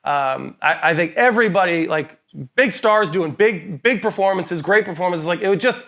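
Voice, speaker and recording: High-voiced, emphatic male film reviewer. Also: lively intonation, normal speed, fairly bright tone. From lives in Boston. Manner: emphatic, opinionated, laughs often. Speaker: podcast co-host. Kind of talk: casual movie review chat.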